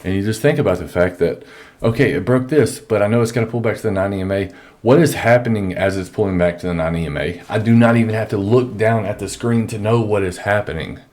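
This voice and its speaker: A man with a low voice lectures on trading in a blunt, exasperated way, swearing freely. He speaks into a microphone from his office. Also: fast, darkish tone. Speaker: trading educator. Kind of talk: screen-share trading lesson.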